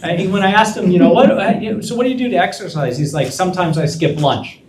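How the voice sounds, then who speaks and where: A man telling a lively story to law students and acting out the dialogue as he goes. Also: high-pitched, fast. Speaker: guest speaker. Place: lecture room. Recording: echoey room from a distance.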